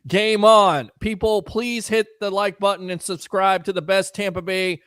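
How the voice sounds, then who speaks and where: A man's voice: high-pitched, steady tone, a little slow, a bit bright, clear, resonant tone, dry recording, studio quality. A man hosting a casual sports talk show, riffing sarcastically and chatting with listeners.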